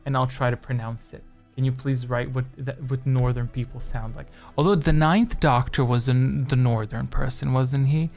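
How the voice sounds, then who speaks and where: A man's voice: mid-range voice, fairly even intonation, moderate pace, creaky, darkish tone, soft background music. A man hosting a live-stream quiz game, rambling chattily between questions with jokey asides. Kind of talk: casual live-stream chat.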